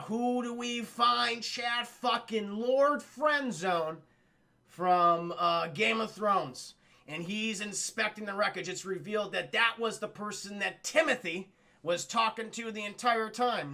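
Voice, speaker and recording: A man's voice: high-pitched, creaky, sharp tone. A man streaming a profane, laughing film recap and talking to his chat.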